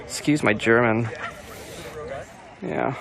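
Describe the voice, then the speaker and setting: A man's voice: mid-range voice, takes it slowly, creaky, a crowd in the background. A man live-streaming from a street protest outdoors, talking in blunt, sardonic commentary and swearing casually.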